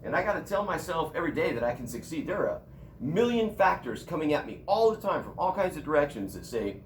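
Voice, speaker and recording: A man's voice: fairly high pitch, sing-song, fast talker, slight background noise. A middle-aged man teaching a college class in a casual, joking storytelling manner. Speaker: college instructor.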